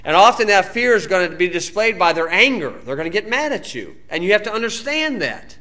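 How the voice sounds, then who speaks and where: A man preaching in a high, ringing voice that carries a lot of brightness. He is a Baptist preacher from the United States, and his talk is loose and sermon-like. His speech is homespun and full of everyday, ungrammatical turns. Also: big pitch swings, a little fast. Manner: folksy, plain-spoken, colloquial grammar. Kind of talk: informal sermon-style teaching.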